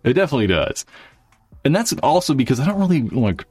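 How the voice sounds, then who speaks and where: A man's voice: medium pitch, sing-song, fast, darkish tone, slightly rough, no echo, soft background music. A man hosting his YouTube channel, chatting casually to viewers in a rambling way, with lots of fillers and swearing. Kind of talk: casual livestream chat.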